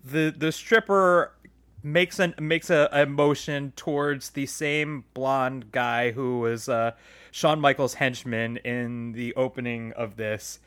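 A man's voice: mid-range voice, fairly even intonation, takes it slowly, a bit bright, smooth. A man co-hosting a comedy podcast who recounts scenes in a dry storytelling manner. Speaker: podcast co-host. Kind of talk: casual comedic chat.

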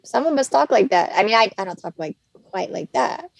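A woman's voice: mid-range voice, lively intonation, fairly quick, gravelly, dry recording. A woman with a Southern US accent, co-hosting a podcast in casual, laughing chat. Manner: chatty, laughing, self-deprecating. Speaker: podcast co-host.

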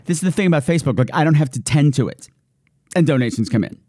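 A man's voice: a little high, lively intonation, fast, mellow, no echo, studio quality. A man hosting his podcast, reading out thank-yous in a playful, giddy way with hammy announcer flourishes. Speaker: podcast host. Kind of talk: casual thank-you shout-outs.

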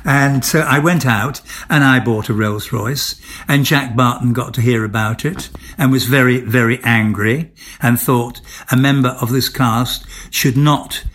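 A man's voice: mid-range voice, fairly even intonation, measured pace, fairly bright tone. An older man, an actor, telling stories in an interview, theatrical and amused, often repeating and restarting his words. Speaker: interview guest, former soap actor. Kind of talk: candid anecdotal chat.

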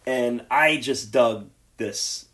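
A man's voice: mid-range voice, drawn-out words, fairly bright tone. A man co-hosting a podcast, chatting casually about a film with frequent restarts. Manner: rambling, frequent restarts, laughs at own stories. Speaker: podcast co-host. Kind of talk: casual movie discussion.

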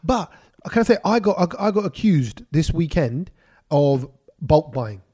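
A man co-hosting a casual podcast, telling stories in an animated way and slipping into playful voices. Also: fairly high pitch, measured pace, breathy edge. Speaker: podcast co-host. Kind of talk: casual chat.

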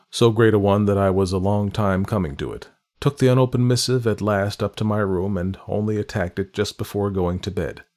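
An audiobook narrator reads a classic novel in a measured, literary manner. His voice is low and somewhat dark in tone, and he paces the long, winding sentences carefully.

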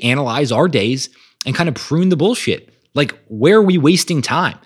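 A man's voice: on the high side, animated, normal speed, breathy edge. A man hosting a podcast, talking with energy and emphasis about growth mindset and reading quotes aloud. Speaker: podcast host. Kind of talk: motivational monologue.

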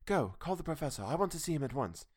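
A man voicing a young woman in a hypnotic trance, speaking softly, dreamily and from far away in an audiobook reading. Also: mid-range voice, lively intonation, a little fast, no room sound, studio quality, voice pushed up, natural voice. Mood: urgent. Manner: soft, dreamy and distant.

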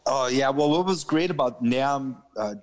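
A man's voice: mid-range voice, moderate pace, low-quality recording. A man who is a guest musician on a podcast, telling stories in a blunt, laughing way and swearing freely. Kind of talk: casual podcast conversation.

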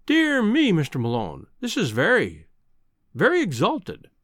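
A man voicing a brisk older male newspaper news editor, dry and clipped with a teasing edge. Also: high-pitched, wildly swooping pitch, a bit bright, no room sound, exaggerated voice. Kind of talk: audiobook character reading.

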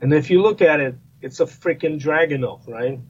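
A man's voice: a little high, moderate pace, slightly rough. A man in a casual podcast discussion, talking in a rambling way with many fillers and restarts. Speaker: guest firearms expert. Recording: slightly muffled line with faint noise.

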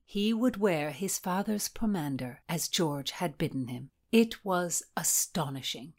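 A woman narrating a historical novel in a measured, expressive reading voice. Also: medium pitch. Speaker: audiobook narrator.

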